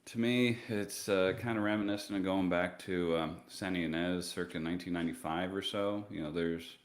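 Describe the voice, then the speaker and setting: A man hosting a casual livestream, talking in a rambling, joking way with quick asides. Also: deep voice, steady tone. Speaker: company co-founder hosting a livestream.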